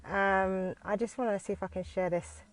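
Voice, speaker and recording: A British woman who teaches dance talks into her phone from inside a parked car on a live video, nervous and halting, with frequent restarts. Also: mid-range voice, fairly even intonation. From United Kingdom.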